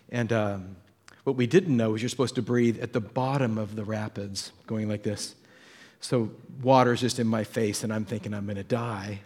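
A middle-aged man, a pastor, telling a story in a sermon and jumping his voice up to act out the people in it. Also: normal speed. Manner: animated storytelling, acts out voices with jumps in pitch.

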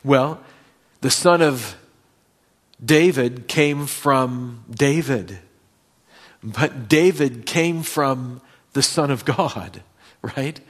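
A man preaching an expository sermon, reading scripture aloud and rising to emphatic, louder peaks on key phrases. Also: mid-range voice, drawn-out words, long pauses, breathy edge.

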